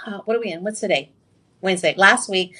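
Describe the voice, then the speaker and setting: A woman presenting jewelry on live TV shopping, excitable and chatty, confiding personal stories and throwing sassy asides to viewers. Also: mid-range voice, fast talker, a little hiss or hum. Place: TV shopping studio.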